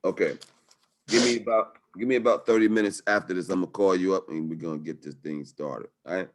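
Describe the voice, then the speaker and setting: Male webinar host, lowish voice, hype slang delivery, video-call audio. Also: fairly even intonation, fast talker. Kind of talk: live webinar sales talk.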